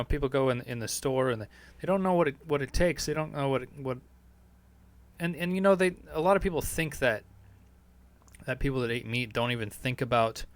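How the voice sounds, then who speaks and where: A man hosting a podcast, answering listener questions in a loose monologue that is profane and full of fillers. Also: mid-range voice. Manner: rambling, profane, heavy on fillers. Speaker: podcast host.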